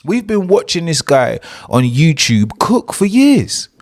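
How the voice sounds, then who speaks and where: A young British man chatting excitedly and using slang while he reacts to a video on a live stream. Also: a little high, slow. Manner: chatty, slangy, hyped, talks over the video. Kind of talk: casual live-stream commentary.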